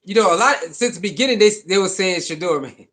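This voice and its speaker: High-voiced man hosting a casual livestream. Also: quick pace. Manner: animated, repetitive, reads chat comments aloud. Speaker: livestream host.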